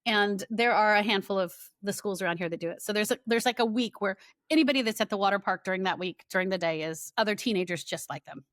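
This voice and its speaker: A middle-aged woman, a guest author, telling lively stories in a casual podcast chat. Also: medium pitch, quick pace, no room sound, studio quality. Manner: lively storyteller, animated quoting.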